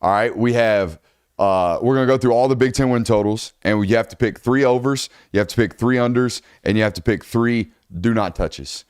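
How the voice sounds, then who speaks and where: A man hosting a casual sports talk show, energetic and quick in banter. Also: mid-range voice, clear, resonant tone, dry recording, studio quality. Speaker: show host.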